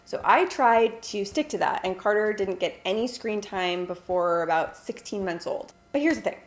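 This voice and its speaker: A young woman talks straight to camera in a casual vlog, earnest and explanatory, walking through her parenting routine step by step. Her pitch sits in the ordinary middle for a woman, and the room around her is noticeably echoey. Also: animated. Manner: earnest, explanatory, models slow simple phrases for a toddler. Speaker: vlogger, stay-at-home mom.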